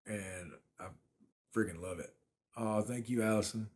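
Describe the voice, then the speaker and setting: A man's voice: fairly low pitch, unhurried, a little mellow. A man, chatting casually on a phone livestream from his apartment and thanking viewers by name. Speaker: livestream host.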